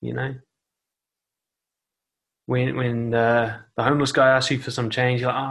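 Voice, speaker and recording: A man's voice: mid-range voice, flat delivery, measured pace, vocal fry, pauses often, fairly bright tone. A man giving blunt, casual dating advice, swearing freely and acting out quoted voices, seated indoors. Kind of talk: casual advice monologue to camera. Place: seated indoors on a noisy chair.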